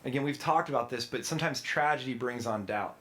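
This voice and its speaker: A man's voice: medium pitch, fast, sharp tone. A man preaching a sermon, telling stories in a casual, chatty way and acting out the people he quotes. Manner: casual storytelling with quoted voices. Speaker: pastor.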